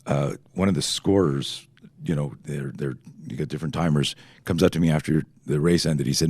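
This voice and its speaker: Middle-aged man from Canada, podcast guest, storyteller, acts out voices, swears freely, dry close sound, very deep. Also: fairly quick, husky, no echo. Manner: animated, swears, acts out quoted dialogue. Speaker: guest, self-defense instructor.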